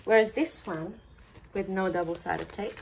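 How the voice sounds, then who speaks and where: A woman's voice: medium pitch, normal speed, gravelly, slight background noise. A woman chatting casually through a craft tutorial, talkative and playfully sarcastic.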